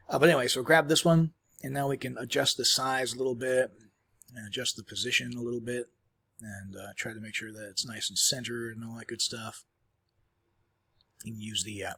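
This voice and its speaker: A man presenting a screen-recorded software tutorial in a casual, rambling way, full of ums and restarts, chewing while he talks. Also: medium pitch, vocal fry, breathy edge.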